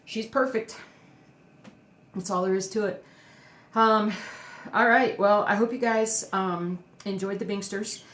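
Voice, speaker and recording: A woman's voice: medium pitch, fairly even intonation, unhurried, fairly bright tone, reverberant. A woman chatting casually to camera at home, rambling with lots of fillers and cooing at her dog. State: emotional, near tears. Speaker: cross stitch vlogger. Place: indoors at home.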